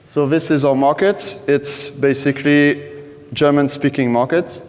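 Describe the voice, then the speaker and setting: A man with a French accent giving a conference presentation, halting and full of fillers and restarts. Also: on the high side, steady tone. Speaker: conference speaker. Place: conference stage. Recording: large hall reverb.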